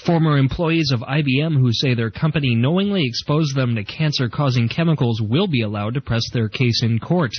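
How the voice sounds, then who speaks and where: A man anchoring a radio newscast in a measured, read newsreader delivery. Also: medium pitch, breathy edge, no room sound. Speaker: news anchor. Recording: dry muffled radio audio.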